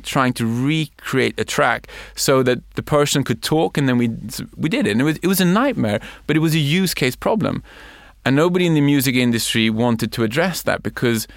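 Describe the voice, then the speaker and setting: A middle-aged man from Sweden, a company head who explains his points in measured, listed steps in a conversational interview. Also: medium pitch, creaky, dry recording, clean studio sound. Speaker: company CEO and co-founder, guest.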